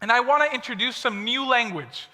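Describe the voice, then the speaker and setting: A man's voice: extremely high pitch, fairly quick, pushed and bright. Upbeat young man preaching in a hall. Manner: upbeat and chatty, many asides. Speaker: speaker at a youth service. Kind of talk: conversational storytelling sermon. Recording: long reverb of a big hall.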